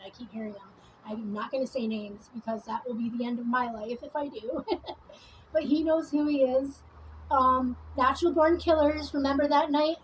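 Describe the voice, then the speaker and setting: A woman's voice: high voice, fairly even intonation, normal speed, a little hiss or hum, poor audio. A woman vlogging in a casual, rambling monologue full of swearing and fillers while she does her makeup. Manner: rambling, profane, many fillers. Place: at home doing her makeup.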